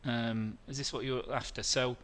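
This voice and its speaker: A man's voice: mid-range voice, steady tone, moderate pace, a bit bright. A middle-aged man hosting a live trading webinar, walking through charts, answering viewer questions and often correcting himself mid-sentence.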